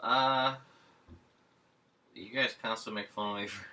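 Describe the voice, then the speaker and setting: A man chats casually with a slight slur and a relaxed drawl. His lowish voice has a bright edge. He sounds a little distant from the microphone. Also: normal speed, long pauses. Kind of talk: casual chat.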